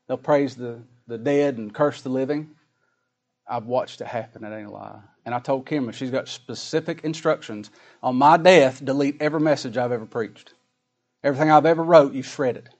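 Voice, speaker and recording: A middle-aged man preaching a sermon, folksy, swinging from loud emphatic scripture reading to quiet asides. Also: medium pitch. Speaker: pastor.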